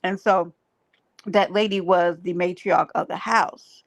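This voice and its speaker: A woman's voice: lowish voice, fairly even intonation, unhurried, gravelly. A woman hosting a livestream, talking to her chat in an emphatic, preachy way and repeating her phrases. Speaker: livestream host. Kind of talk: casual livestream talk to chat.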